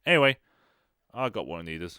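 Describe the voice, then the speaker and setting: A man's voice: low voice, very animated, fast talker, sharp tone, clean tone, no echo. A young man giving casual, wry commentary while playing a racing game and answering his chat. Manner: chatty, wry, talks to live chat. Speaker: gaming YouTuber. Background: game music and car engines.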